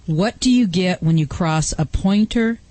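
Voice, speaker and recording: A woman's voice: fairly low pitch, a little slow, a little mellow, a little hiss or hum. A woman co-hosting a radio show, cheerfully reading out dog jokes. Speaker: co-host. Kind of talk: casual radio chat.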